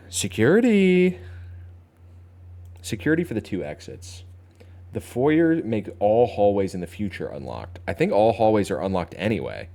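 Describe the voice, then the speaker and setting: Young male streamer, deep and animated, casual chatty game commentary. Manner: chatty, talks to chat, thinks aloud, playful. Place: home streaming setup.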